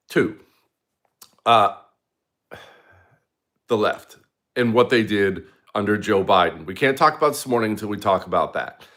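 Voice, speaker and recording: A man's voice: fairly low pitch, fairly bright tone. A man delivering a combative, sarcastic opinion monologue as a political commentary host, sometimes mocking his opponents in a put-on voice.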